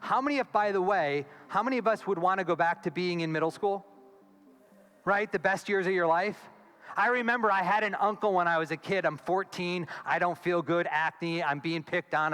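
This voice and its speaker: A man giving a conference keynote as a therapist, animated and acting out quoted voices, on a stage mic in a large hall. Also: sits high, clear, resonant tone. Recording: long hall reverb with faint music.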